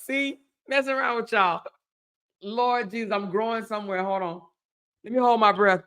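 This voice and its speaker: Woman host, livestream chat, bright tone, chatty, laughs with viewers. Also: mid-range voice, moderate pace.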